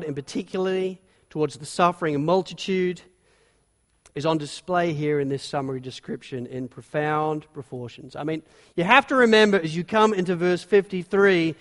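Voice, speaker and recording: A man preaching a sermon as pastor, emphatic and animated, telling the story with energy. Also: a little high. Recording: long reverb of a large hall.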